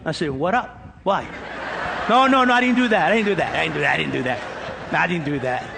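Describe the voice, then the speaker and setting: A man's voice: fairly high pitch, fast, gravelly, background noise. A middle-aged man with an East Los Angeles accent preaching a sermon, emphatic and joking as he counts through a numbered list. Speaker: pastor. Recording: echoey hall with long reverb.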